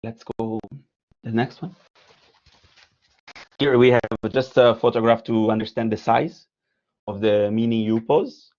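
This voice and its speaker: A man with an Italian accent gives an art lecture, clicking through slides and reading a story aloud. He talks at a middle pitch, pauses often and restarts his phrases. The recording sounds dull and lo-fi. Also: steady tone, darkish tone. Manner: hesitant, with frequent fillers and restarts. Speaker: artist giving a lecture. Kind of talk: lecture presenting slides, partly read aloud.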